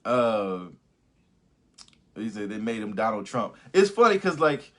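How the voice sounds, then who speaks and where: A man's voice: fairly low pitch, measured pace. A young man hosting a live movie review, ranting casually with lots of swearing and laughter. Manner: profane, animated, laughs often. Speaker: host of a live review stream.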